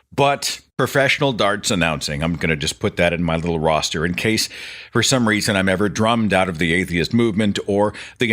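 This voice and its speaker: A male podcast host talking off the cuff in a loose monologue, his lowish voice swinging widely in pitch as he jumps between stories. He pokes fun at himself as he goes. Recorded close on a studio mic. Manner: rambling, animated, self-deprecating storyteller. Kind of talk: casual stream-of-consciousness monologue.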